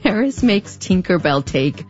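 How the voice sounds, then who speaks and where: A woman's voice: on the low side, big pitch swings, a little slow. A woman in her thirties with a Mexican border accent, narrating in a wry, conversational way with playful asides. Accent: Mexican border (fronterizo) English. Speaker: host. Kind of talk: scripted narration. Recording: slightly muffled with faint music underneath.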